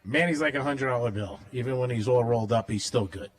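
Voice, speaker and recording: A man's voice: medium pitch, fast. A man hosting a radio show, telling brash, joking stories and laughing a lot between live ad reads. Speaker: radio host.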